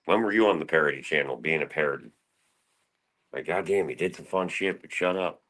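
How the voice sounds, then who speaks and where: A man's voice: a little fast, a bit bright. A man talking in a rambling, profane monologue on his own stream, restless and jumping between thoughts. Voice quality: gravelly, very deep.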